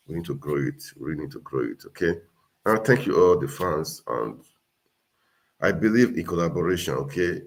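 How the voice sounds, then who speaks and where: A man hosting a casual livestream, earnestly urging viewers and repeating himself. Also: deep voice. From Nigeria. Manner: earnest, repetitive, exhorting. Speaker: livestream host.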